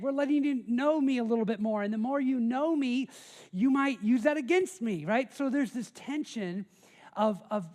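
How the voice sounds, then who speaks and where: High-voiced American man preaching. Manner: conversational, with many restarts and repeated words. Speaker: pastor. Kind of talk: sermon.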